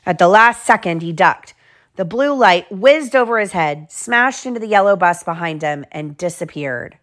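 A mother reading a children's picture book aloud at home, slow and clear, with little side remarks to her kids. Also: lowish voice, animated, a bit bright.

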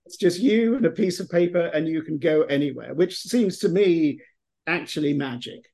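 A man's voice: a little high, normal speed, gravelly, dark tone. English man rambling through an interview. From England. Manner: rambling, many restarts and fillers. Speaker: author guest. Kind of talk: podcast interview.

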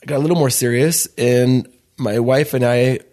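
A man's voice: medium pitch, steady tone, moderate pace, warm tone. A man in his thirties from Chicago, a restaurant owner telling his story in an interview, rambling loosely and acting out the dialogue he quotes. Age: 30s.

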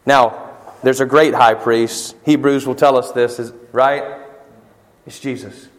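A man with a Southern American accent preaching a sermon as pastor, animated and emphatic, with rhetorical questions and repetition. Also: mid-range voice, measured pace. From Southern United States. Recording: long hall reverb.

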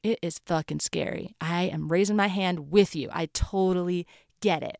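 A woman's voice: fairly low pitch, fairly even intonation, moderate pace, gravelly, darkish tone, dry recording, studio quality. A young woman hosting a solo podcast for voice teachers, talking in a chatty, emphatic way, repeating phrases for stress and swearing casually. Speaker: podcast host, voice teacher coach.

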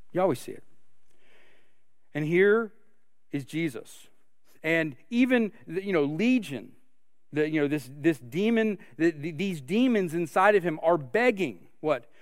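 A man's voice: fairly high pitch, no echo, clean studio sound. A man preaching a sermon, earnest and full of rhetorical questions. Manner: earnest, asks rhetorical questions, many restarts. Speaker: pastor.

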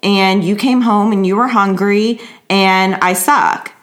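A woman's voice: medium pitch, slow, natural voice. A woman recounting the words of an overwhelmed wife, bitter and defensive.

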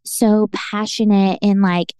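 A young woman co-hosting a podcast, spinning a story with lots of "like" and quick laughs. Her pitch stays in a middle range, and the sound is dry and close to the mic. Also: clean tone, no room sound. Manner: animated, laughing, filler-heavy storytelling. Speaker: podcast co-host. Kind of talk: casual storytelling chat.

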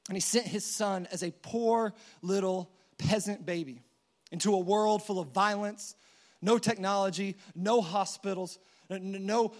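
A man preaching a sermon in a casual, conversational storytelling manner. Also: sits high.

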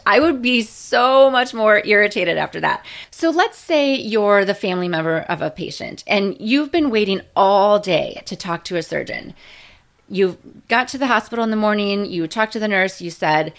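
A woman nurse educator teaching in a casual, conversational way, often checking in with "right?" and stressing points with lively emphasis. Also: medium pitch. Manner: conversational, frequent "right?" and "you know" tags.

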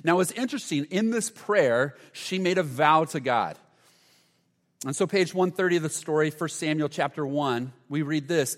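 Earnest pastor preaching in an echoey hall. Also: male voice, fairly high pitch, lively intonation, normal speed. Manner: earnest, with frequent restarts; drops to a soft hush for quoted prayers. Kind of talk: sermon. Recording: long hall reverb.

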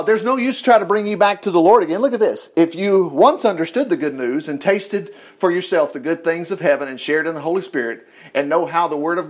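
Male preacher, sermon, high voice, very lively pitch, animated. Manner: animated, acts out churchgoers' voices.

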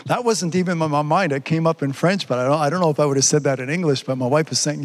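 A man's voice: on the high side, brisk. A pastor preaching a sermon, fervent and repetitive, peppering his talk with "praise God" and "amen.". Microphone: streamed online service.

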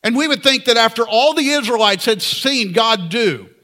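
Man, pastor, earnest conversational sermon, high pitched, animated. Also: moderate pace.

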